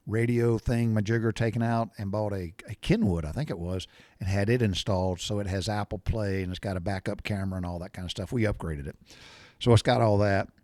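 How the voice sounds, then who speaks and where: A middle-aged man, telling a rambling, blunt story in a casual monologue and often clearing his throat. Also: lowish voice, darkish tone, no echo. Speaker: podcast host.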